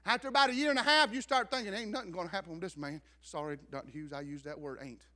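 Middle-aged male pastor, sermon storyteller, very high bright voice, swings from hushed to shouting. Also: fast talker. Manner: storytelling preacher, rising to shouts.

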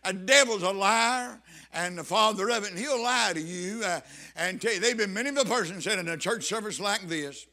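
A man's voice: sits high, a little fast, bright, forceful tone. A man preaching a sermon to his congregation, reading scripture and pressing his points with fervent emphasis. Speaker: pastor.

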